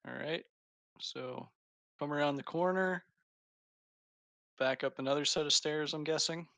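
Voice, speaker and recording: A man's voice: fairly high pitch, measured pace, creaky, fairly bright tone, no echo. A man running a tabletop game as game master, narrating scenes in an easygoing way.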